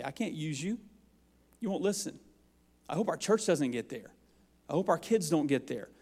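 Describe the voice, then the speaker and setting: Guy preaching hard in a church, kinda high voice, big echoey sanctuary. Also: darkish tone. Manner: impassioned preaching, rising and falling intensity. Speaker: pastor. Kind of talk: sermon. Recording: long hall reverb.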